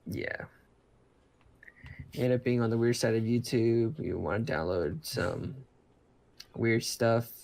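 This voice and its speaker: A man's voice: mid-range voice, fairly even intonation, slow pace, vocal fry, long pauses, darkish tone. A man chatting casually about laptops, rambling, with many restarts and fillers. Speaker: podcast co-host. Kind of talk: casual chat.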